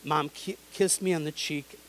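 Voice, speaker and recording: A man reading his personal memoir aloud in an earnest, measured way. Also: a little high, steady tone, fairly bright tone, slight background noise, poor audio. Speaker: memoir narrator.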